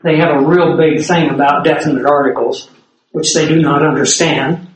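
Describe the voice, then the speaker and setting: A man preaching a sermon, expounding scripture in a measured, emphatic way with occasional fillers. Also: on the high side, fairly even intonation, very echoey, rough recording. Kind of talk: sermon teaching.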